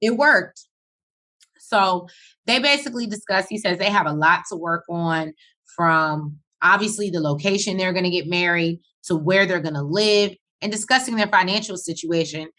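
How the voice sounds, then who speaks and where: A woman, co-hosting a casual review and recapping scenes in a relaxed, chatty way. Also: on the low side, moderate pace. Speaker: co-host reviewing a reality show. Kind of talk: casual chat.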